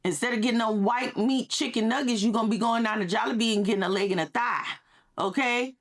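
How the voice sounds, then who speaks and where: A woman's voice: on the high side, fast talker. A woman talking in a sassy, emphatic commentary style, often repeating her points. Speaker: social media commentator. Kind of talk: casual gossip commentary.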